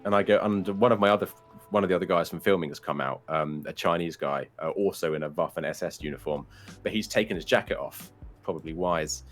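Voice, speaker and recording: A streamer appearing as a guest on a show tells a long, funny story casually, swearing freely and laughing along the way. He has a deep voice and talks quickly over soft background music.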